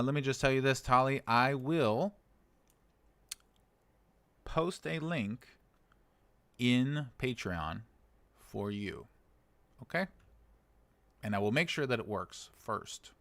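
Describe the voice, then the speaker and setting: A man's voice: mid-range voice, animated, slow pace, long pauses, fairly bright tone, no room sound. An American man in his thirties living in China, hosting a casual livestream, reading viewer comments with dry, sarcastic humor and chuckles. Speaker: livestream host.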